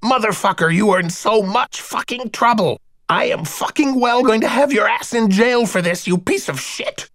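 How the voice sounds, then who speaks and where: Guy putting on a half-strangled raspy man, way up high, yelling all ragged and strained. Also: wildly swooping pitch, slow pace, few pauses, dry recording, clean studio sound, full character voice. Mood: furious. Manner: shouting abuse, high and ragged. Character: frightened, furious captive man, half-choked.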